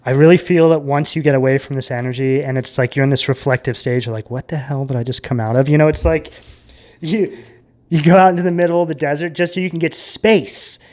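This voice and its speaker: A tarot reader giving a casual, rambling reading to camera, full of fillers and tag questions, sometimes dropping to a hushed mutter. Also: mid-range voice, fairly even intonation, a little fast.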